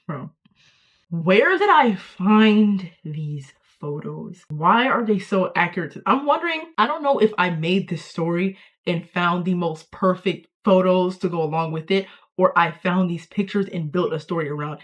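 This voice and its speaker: A young woman vlogging in a casual, playful, self-mocking way, reacting to her old online posts with sudden jumps in pitch and loudness. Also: normal speed, hardly any pauses, dull audio.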